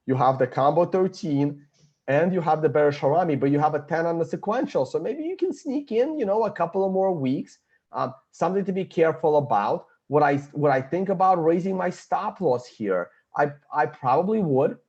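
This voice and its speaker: A man's voice: on the high side, lively intonation, normal speed, a little mellow, lo-fi sound. A man giving blunt, confident market analysis, thinking aloud as he walks through a chart. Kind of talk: screen-share chart analysis.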